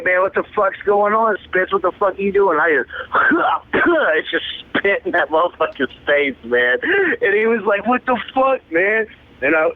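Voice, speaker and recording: A man in his twenties, a rapper, telling stories casually in laid-back street slang, peppered with profanity and "man". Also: medium pitch. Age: 20s. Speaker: rapper, interview guest. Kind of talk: casual storytelling. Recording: tinny phone-like line.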